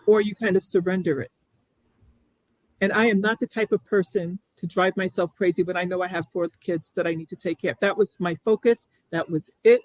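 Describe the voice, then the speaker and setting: A woman's voice: lowish voice, fairly even intonation, fairly quick, darkish tone, dry recording, rough recording. A middle-aged woman, a guest on an interview show, speaking earnestly and reflectively, often restarting her sentences. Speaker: guest sharing her story. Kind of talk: candid interview.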